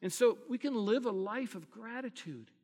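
Man, pastor, sermon, high voice, earnest, loud peaks and quiet drops, long reverb. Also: lively intonation, moderate pace. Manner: earnest preaching, swelling loud on key phrases then dropping quiet.

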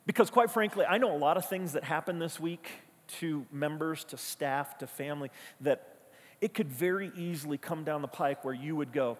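A man's voice: a little high, normal speed, breathy edge, big-room sound. A man preaching a sermon as a pastor, conversational and emphatic, telling stories and repeating key phrases. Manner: conversational, storytelling, emphatic repetitions.

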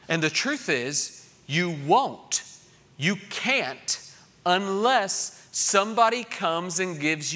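A middle-aged man preaching a sermon in a lively way, acting out voices of children he quotes. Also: on the high side. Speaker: pastor.

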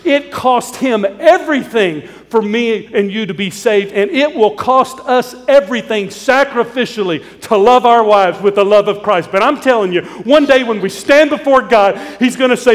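Pastor, male, high-pitched, earnest pleading sermon delivery, long church reverb. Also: lively intonation, moderate pace.

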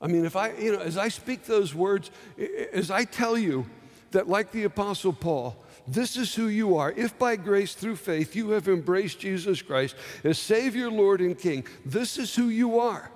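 Preacher in a reverberant hall. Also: male voice, sits high, lively intonation, darkish tone. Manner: dramatic slow emphasis, acting out quoted pleas. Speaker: pastor. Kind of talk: sermon.

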